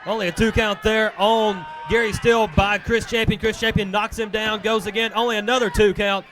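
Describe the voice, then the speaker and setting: High-voiced man calling wrestling action. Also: little pitch movement, brisk, music in the background, crowd noise. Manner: joking banter between calls of the action. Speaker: play-by-play commentator. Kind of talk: wrestling TV commentary.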